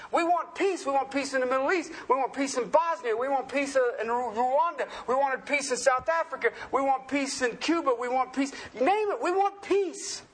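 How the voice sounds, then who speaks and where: A man's voice: extremely high pitch, a bit bright. A man preaching a sermon in a folksy, joking way, often asking the congregation questions.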